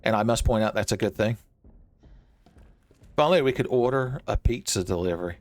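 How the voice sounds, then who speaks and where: A man's voice: lowish voice, expressive, brisk, no room sound. Jokey man commenting on his gameplay. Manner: joking, talks to the enemies on screen. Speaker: gaming channel host. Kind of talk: let's play commentary.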